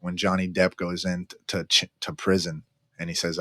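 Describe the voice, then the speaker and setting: Man, very low voice, dry close sound, blunt and profane, keeps saying "man". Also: flat delivery, moderate pace, a bit bright, dry recording. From Massachusetts, near Boston. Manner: frank, profane, says "man" after almost every phrase. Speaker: guest in recovery. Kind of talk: casual conversational storytelling.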